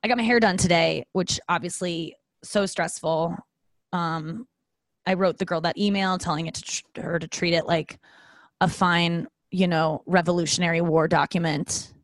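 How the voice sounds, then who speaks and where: A woman's voice: on the low side, steady tone, normal speed, dry recording. A young woman talking candidly at home in a rambling, self-deprecating way with joking asides. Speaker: vlogger. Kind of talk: candid casual monologue.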